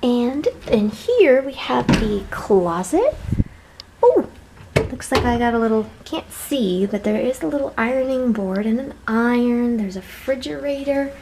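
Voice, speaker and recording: A woman's voice: high voice, animated, unhurried, background noise. A tired young woman chatting casually as she vlogs a tour of a small hotel room, with self-deprecating asides. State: tired and yawning. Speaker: vlogger.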